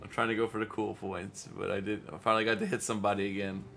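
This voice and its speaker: Guy playing a tabletop game, kinda halting, bright sharp tone, music faint behind. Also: on the low side, level tone, creaky. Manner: hesitant, halting, self-correcting. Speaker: player. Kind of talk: casual play chat.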